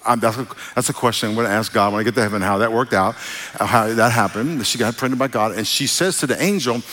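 A man's voice: mid-range voice, quick pace, fairly bright tone. A middle-aged man preaching a conversational sermon as pastor, folksy and loose, often restarting and calling out for an amen.

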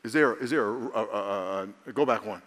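A man preaching a sermon as a pastor, animated and calling for amens, his voice rising to excited shouts. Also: fairly low pitch, fairly quick. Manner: calls for amens from the congregation. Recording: long hall reverb.

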